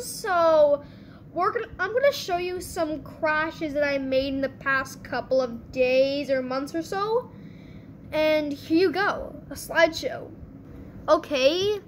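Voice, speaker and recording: Excitable channel host, female, very high pitch, reacting fast to gameplay. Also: slight background noise. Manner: excitable, quick reactions, bursts of laughter. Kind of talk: gameplay commentary.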